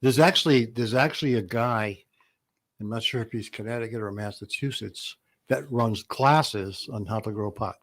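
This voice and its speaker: A man's voice: mid-range voice, normal speed. Male panelist, mid-range voice, earnest, repeats himself, casual talk show.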